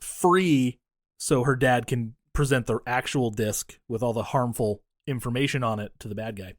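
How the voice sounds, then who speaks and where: A man riffs through a movie recap on a podcast, excitable and profane, slipping into silly voices to act out the scenes. His voice sits at an ordinary middle pitch. It is recorded close and dry, with no room sound. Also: moderate pace, dry recording. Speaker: podcast co-host. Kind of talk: casual movie-review chat.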